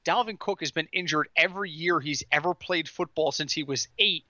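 A man chats on a casual podcast with a very bright, slightly high voice, telling stories with animation and stifled laughter. The sound is dry and a little dull, as if through a modest mic. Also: fairly quick, dry recording. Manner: animated storytelling, laughing through his lines. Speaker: podcast co-host.

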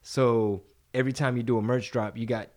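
A man's voice: mid-range voice, brisk. A man hosting a podcast in casual chat, rambling and cursing freely as he tells stories. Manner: rambling, profane, animated storytelling. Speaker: podcast host.

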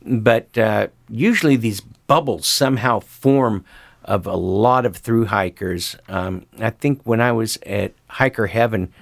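A man's voice: fairly low pitch, measured pace, creaky, no room sound, clean studio sound. An older man chatting as a guest, telling rambling stories with lots of fillers. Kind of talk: casual conversation.

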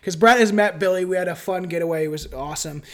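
A Canadian podcast host with a high-sitting, slightly bright voice talks fast. Recording on a different home mic setup at a friend's home, he swears freely and laughs while reading his notes, blending casual chat with scripted reading.

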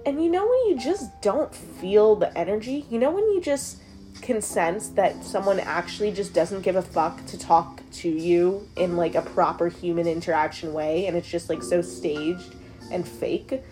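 Over soft background music, a young show host with a fairly low, mellow voice tells a story at a moderate pace. Her delivery is loose and chatty, peppered with swearing and heavy use of "like".

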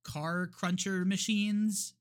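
A man's voice: high voice, steady tone, slow. A man co-hosting a podcast, retelling a movie's plot in casual chat with lots of restarts and laughs. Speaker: podcast co-host.

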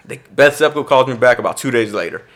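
A man's voice: medium pitch, fast talker. A middle-aged man, an actor and podcast guest, casually telling a story and acting out the dialogue. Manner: lively storyteller who acts out quoted dialogue.

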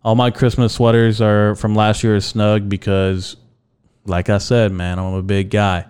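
A man's voice: fairly low pitch, level tone, unhurried, darkish tone, clear, resonant tone. A young man hosting his own podcast alone, rambling and joking casually, with lots of fillers and some swearing. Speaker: podcast host. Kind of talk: casual solo podcast chat.

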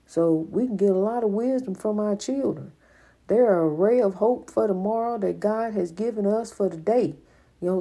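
A woman's voice: medium pitch, dark tone, husky. An older woman giving an informal, preaching monologue, repeating her points with emphasis in a folksy way. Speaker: spiritual speaker.

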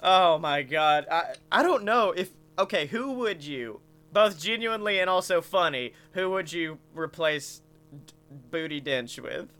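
A man co-hosting a podcast, excitable and swearing often in casual chat. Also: a little high, unhurried, clean tone. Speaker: podcast co-host.

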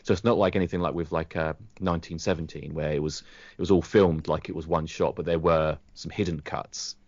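A British man with a very deep, low voice chats casually on a podcast, enthusing about a TV show. He often repeats words as he gathers his thoughts, and the sound is dry and a little muffled. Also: fairly even intonation, brisk, a little mellow, no echo. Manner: enthusiastic, repeats words while searching for them. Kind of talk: casual chat reviewing a TV show. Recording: dry, dull lo-fi audio.

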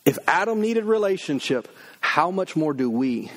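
A middle-aged man preaching with emphatic energy, his voice sitting a little high for a man. He slips into lively quoted voices as he tells stories to the congregation. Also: normal speed. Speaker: pastor. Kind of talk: sermon.

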